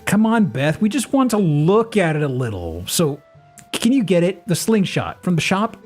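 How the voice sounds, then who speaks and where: A man voicing an excitable young village boy, pleading and eager, while reading game dialogue. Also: high-pitched, moderate pace, faint music behind, voice pushed up.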